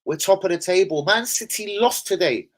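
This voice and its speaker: At normal speed, an angry football fan rants on his live stream, cursing nonstop. He alternates between loud outbursts and low, disgusted muttering.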